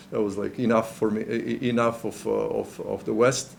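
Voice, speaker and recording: A middle-aged man from Serbia, giving a personal testimony in an interview. He talks in a halting, earnest way with many restarts. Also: on the low side, little pitch movement, creaky, slight background noise.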